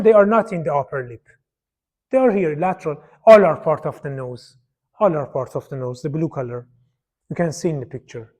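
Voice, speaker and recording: High-voiced man lecturing on slides. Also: a little mellow. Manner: repetitive, pointing at slides, non-native phrasing. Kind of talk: university lecture.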